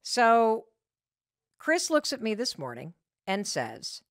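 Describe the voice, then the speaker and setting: A woman in her fifties hosting a podcast, telling a personal story in an emphatic, self-deprecating way with quick bursts of speech. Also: fairly high pitch, huge pitch swings, no echo, studio quality. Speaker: podcast host.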